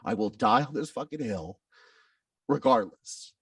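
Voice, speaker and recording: A man guesting on a podcast speaks in a low, husky voice that rises and falls a lot. He talks with blunt intensity and swears often. He sits somewhat away from the microphone in a dry room with no echo. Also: animated, measured pace, far from the mic. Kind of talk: candid personal storytelling.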